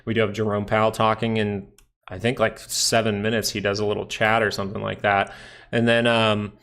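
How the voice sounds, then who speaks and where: A man's voice: lowish voice, level tone, fairly quick, fairly bright tone. A man hosting a live stream, casually talking through stock charts and trade setups as he looks at them. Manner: casual, thinking aloud over charts.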